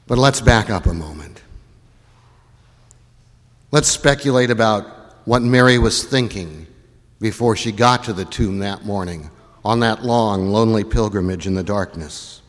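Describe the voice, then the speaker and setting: Dramatic preacher in a ringing church hall. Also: male voice, lowish voice, unhurried, long pauses. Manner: dramatic, swinging from hushed to loud. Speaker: pastor. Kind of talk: sermon.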